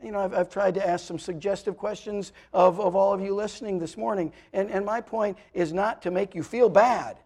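A man's voice: high voice, fairly even intonation, normal speed, hardly any pauses, a little mellow. A man preaching a sermon to a church congregation, earnest and pleading, repeating words as he builds to emphatic peaks. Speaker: pastor. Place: church sanctuary, also live streamed.

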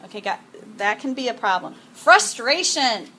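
A middle-aged woman giving a devotional talk to a group, animated and chatty, often acting out her own yelling and sprinkling in "okay" and "um". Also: fairly high pitch, moderate pace, few pauses, a little hiss or hum. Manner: frequent "okay" and "um". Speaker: women's event speaker.

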